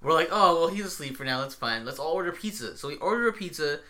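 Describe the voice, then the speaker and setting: A podcast host with a fairly high, sharp voice talks quickly and animatedly in casual chat. He tells stories in a mocking, profane way, laughing as he goes.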